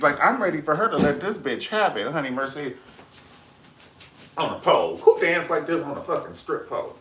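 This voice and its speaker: A man hosting a casual pop culture commentary, profane and dramatic, breaking into high squeals when he quotes people. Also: big pitch swings, normal speed, bright, forceful tone, a little hiss or hum. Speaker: host.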